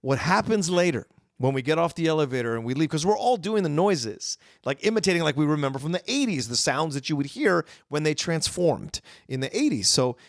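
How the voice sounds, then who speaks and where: A man co-hosting a film podcast, telling stories in a casual, excitable way. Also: fairly high pitch, fairly quick, gravelly, no echo, studio quality. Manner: animated storyteller, excitable. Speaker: podcast co-host.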